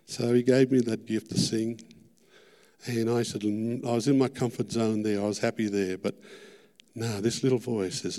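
A middle-aged Australian man preaching a sermon testimony, earnest and fervent, repeating his words and rising to loud peaks. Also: on the low side, fairly even intonation, moderate pace. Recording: long hall reverb.

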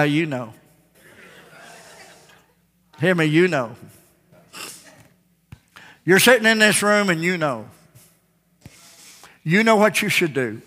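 A man's voice: fairly high pitch, a bit bright. A man preaching a folksy, emphatic sermon as pastor in an echoey church. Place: church sanctuary.

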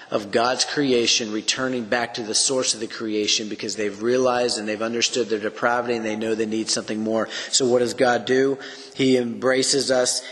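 A man's voice: medium pitch, fairly bright tone. A man teaching on a Bible passage for a podcast, reading scripture aloud and reflecting on it as he goes. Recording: long hall reverb.

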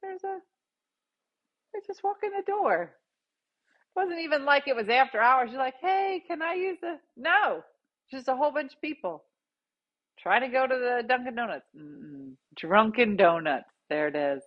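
A woman host casually telling a funny story, jumping into loud quoted voices. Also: fairly high pitch, lively intonation, normal speed, long pauses, lo-fi sound. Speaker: podcast host.

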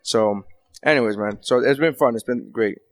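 A man's voice: mid-range voice, normal speed, no echo, studio quality. A male comedian hosting a podcast, telling stories casually with lots of swearing and restarts. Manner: profane storytelling with many restarts.

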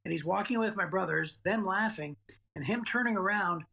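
Man, forties, gravelly, husky, rambling storyteller, repeats himself, podcast guest. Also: sits high, moderate pace, bright, forceful tone. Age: 40s. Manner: rambling, repeats words, laughs while telling. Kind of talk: personal storytelling in a podcast interview.

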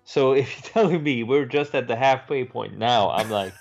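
Gravelly man co-hosting a film podcast. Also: mid-range voice, moderate pace, lo-fi sound, soft background music. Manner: swears freely, bantering. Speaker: podcast co-host. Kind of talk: casual film discussion.

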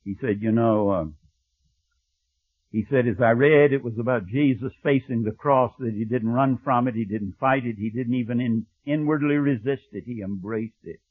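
A man preaching a sermon, telling a story and dropping to a hushed, low voice when he quotes. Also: moderate pace, husky, no echo. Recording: thin phone-like audio, dry.

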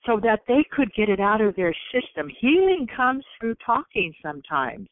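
A woman's voice: mid-range voice, lively intonation, moderate pace, few pauses, dry recording. A woman telling a personal story in conversation, earnestly acting out what she and others said. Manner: earnest, acts out her own quotes. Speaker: guest. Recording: tinny phone line.

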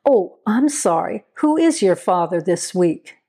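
A woman's voice: lowish voice, sing-song, a little slow, dark tone, slightly rough, exaggerated voice. A woman voicing a sarcastic, taunting male deputy who sneers at others.

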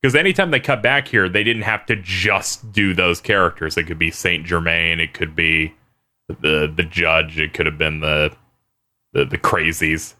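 A man with a bright, forceful voice chats loosely about an animated show with friends. He jokes, swears freely and drops into quick impressions of characters, keeping things relaxed and irreverent. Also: low voice. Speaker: podcast co-host. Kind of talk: casual chat reviewing a show.

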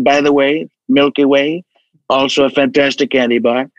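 A man talking casually as an interview guest, animated and full of restarts. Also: medium pitch, fairly quick, dry recording, highs cut off. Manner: animated, stammering restarts, acts out voices. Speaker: impressionist guest.

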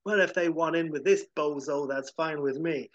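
A man's voice: high voice, normal speed, highs cut off, pitched above the performer's own voice. A man voicing a grumpy, sardonic male duck who cracks indignant, self-pitying wisecracks.

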